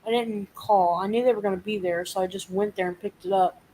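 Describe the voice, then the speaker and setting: A woman's voice: medium pitch, steady tone, fairly quick, warm tone, slight background noise, rough recording. A woman hosting a casual live chat, venting and swearing as she animatedly retells a frustrating week. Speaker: live stream host.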